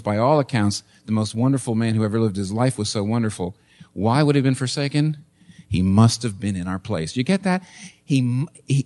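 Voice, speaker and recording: A man preaching a sermon as pastor, emphatic, repeating phrases and asking rhetorical questions. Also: medium pitch. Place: church.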